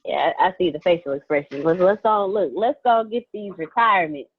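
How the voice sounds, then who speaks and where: A woman's voice: lowish voice, a little fast, husky. A woman co-hosting in an upbeat, conversational way. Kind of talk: casual talk. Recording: tinny phone-like audio.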